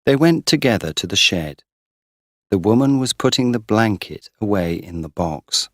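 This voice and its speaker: A deep-voiced man narrating a storybook for English learners, unhurried and deliberate. His pitch moves expressively through each line. The recording is dry and close. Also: expressive, dry recording. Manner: slow, deliberate, clearly paced. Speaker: audiobook narrator.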